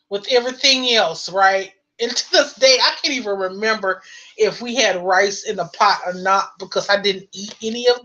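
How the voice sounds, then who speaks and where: An American woman spins a casual story in a bright, slightly high voice, taking her time and filling the pauses with "you know." She laughs often and gets animated. The sound is a little dull and lo-fi. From United States. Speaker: vlogger.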